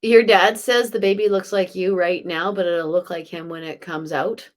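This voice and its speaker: A woman's voice: fairly low pitch, fairly even intonation. Chatty woman giving psychic readings. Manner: chatty, relays spirit messages with quick laughs and asides. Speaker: psychic medium. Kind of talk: live reading for viewers.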